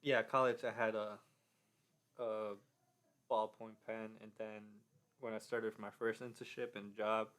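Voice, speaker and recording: A man's voice: fairly low pitch, level tone, a little slow, fairly bright tone, clear, resonant tone. A young man co-hosting a casual design podcast, talking in loose stories full of fillers and restarts. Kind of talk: casual chat.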